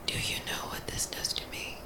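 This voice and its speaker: A woman's voice: medium pitch, fairly even intonation, unhurried, lightly acted. A woman whispering the lines of a veiled, gloved man who is desperate yet holding himself back, in a whispered role-play. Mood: strained desperate. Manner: hushed, strained, breathless.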